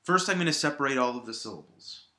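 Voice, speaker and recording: A man's voice: mid-range voice, animated, quick pace, sharp tone, reverberant. A man teaching a lesson at a whiteboard, explaining patiently and overstressing syllables in his examples. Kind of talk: recorded classroom lesson. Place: classroom at a whiteboard.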